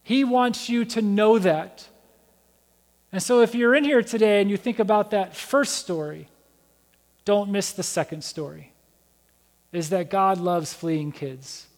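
A man preaching as a pastor, telling a story with animated acted-out voices. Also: high voice, measured pace, long pauses. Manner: animated storytelling, acting out Bible characters' voices. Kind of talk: sermon. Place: church sanctuary. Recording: church hall reverb.

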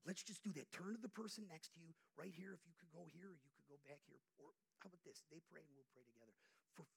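A man's voice: fairly high pitch, fast talker, creaky, breathy edge, poor audio. A man preaching an informal sermon, conversational, asking the congregation questions and acting out quotes. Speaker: pastor.

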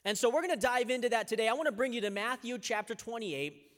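A young man preaching a sermon as a pastor, telling stories with energy and slowing down to pray. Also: extremely high pitch. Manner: lively storytelling, slows down and softens in prayer. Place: church. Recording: long reverb of a large church hall.

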